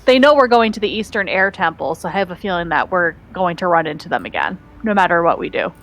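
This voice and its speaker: A woman's voice: lowish voice, big pitch swings, quick pace, fairly bright tone. A woman playing in a tabletop game, thoughtful and easily agreeing with the group. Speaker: player. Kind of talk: casual tabletop play.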